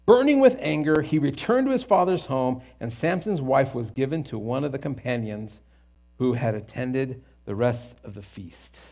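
Jokey husky man retelling a Bible story. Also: mid-range voice. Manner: animated and jokey, with quick asides and restarts. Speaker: Bible teacher.

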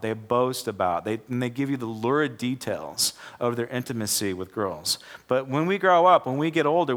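A man's voice: medium pitch, a bit bright. A young man preaches to his church in an easy, chatty way and often starts a phrase over. His voice sits in an ordinary middle range. He speaks as if telling a story to friends. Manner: conversational, repeats and restarts words, acts out quoted characters. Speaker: pastor. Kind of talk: sermon with a joke told as illustration.

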